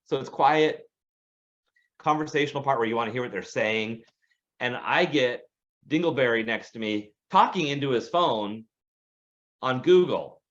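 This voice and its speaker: A man's voice: medium pitch, moderate pace, dull audio. A man co-hosting a podcast, telling a story in casual chat and acting out the voices of people he quotes. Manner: animated, acts out quoted voices. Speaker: podcast co-host.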